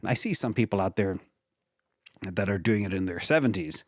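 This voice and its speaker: A retired man hosts a live Q&A on his investing channel, answering viewer questions casually. His explanations are long and rambling, full of fillers and restarts. His voice sits low at normal speed, and the studio-quality recording has no room sound.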